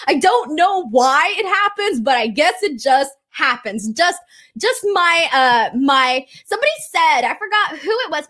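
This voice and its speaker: Chatty high-voiced woman streamer. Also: bright, forceful tone. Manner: chatty, gushing, many fillers like "um" and "like". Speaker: wrestling show host. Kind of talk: casual livestream chat.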